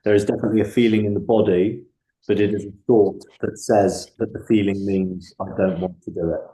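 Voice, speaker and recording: A man's voice: lowish voice, steady tone, a little fast, warm tone, roomy sound. A man hosting a book club video call, reflective and casual, often repeating words as he starts a thought.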